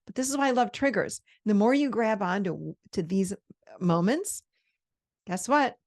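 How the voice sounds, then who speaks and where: A woman host giving personal growth advice, emphatic and animated, often repeating her phrases. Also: medium pitch. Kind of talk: talking-head advice talk.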